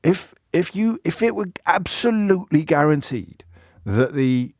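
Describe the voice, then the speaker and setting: Man doing a cabbie impression: odd accent, slow, raised pitch. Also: expressive, dry recording, clean studio sound. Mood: insistent. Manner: slow, higher put-on regional voice. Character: older male taxi driver with an odd, hard-to-place accent.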